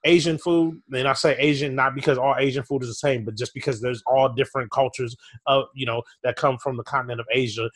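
A man's voice: medium pitch, quick pace, few pauses. A man co-hosting a podcast, ranting with mock fury in casual chat. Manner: animated, mock-furious ranting. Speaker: podcast co-host.

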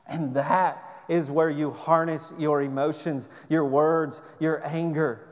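A man preaching a sermon as a pastor, earnest, repeating words and dropping to a soft low voice for emphasis. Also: fairly even intonation, takes it slowly, hardly any pauses, long reverb tail.

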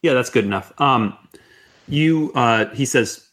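A man's voice: medium pitch, measured pace, fairly bright tone. A man narrating as game master of a tabletop game, hesitant, with many fillers.

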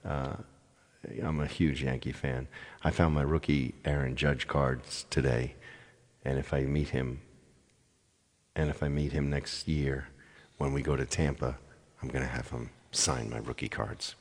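A man's voice: very deep voice, fairly even intonation, measured pace, long pauses, in a large hall. A man chatting casually with viewers between songs on his livestream, rambling and apologetic as he talks. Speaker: live-stream singer.

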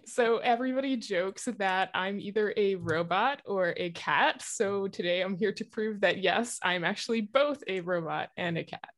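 A woman's voice: medium pitch, moderate pace, hardly any pauses. A woman appearing as a guest fan in casual chat, playful and giggly, sounding slightly distant from the mic.

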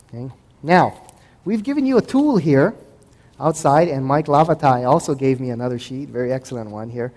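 A man giving a conversational talk to an audience as a host and Christian apologetics speaker, acting out past dialogues in quick voices. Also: medium pitch, expressive, darkish tone. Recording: echoey hall with long reverb.

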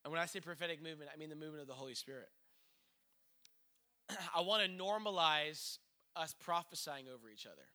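Guy preaching, high bright voice, earnest and chatty, acts out little asides. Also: brisk, long pauses. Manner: earnest, conversational preaching with restarts and acted-out asides. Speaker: pastor. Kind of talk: sermon.

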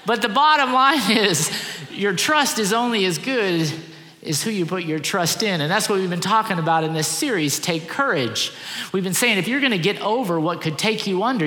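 A middle-aged man, a pastor, giving an animated, conversational sermon with lots of repeated phrases. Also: sits high, moderate pace. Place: church auditorium. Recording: echoey church hall.

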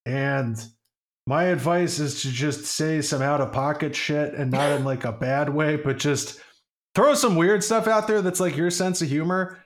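A man's voice: fairly high pitch, steady tone, a little slow. A man co-hosting a podcast, chatting casually with wry, self-mocking humor. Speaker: podcast co-host. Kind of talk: casual chat.

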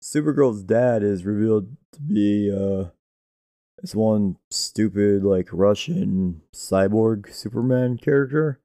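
A man's voice: fairly low pitch, slow pace, dark tone, dry recording, studio quality. A young man co-hosting a podcast, chatting casually with wry, profane asides. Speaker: podcast co-host. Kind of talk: casual chat.

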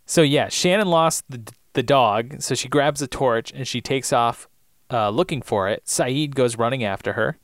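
A man's voice: medium pitch, normal speed, dry recording, clean studio sound. A man co-hosting a podcast, casually recapping TV episodes with a joking, playful manner. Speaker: podcast co-host.

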